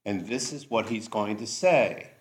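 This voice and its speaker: A man teaching a Bible study, explaining scripture deliberately and checking in with the class. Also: lowish voice, lively intonation. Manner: slow, deliberate, checks in with "okay?".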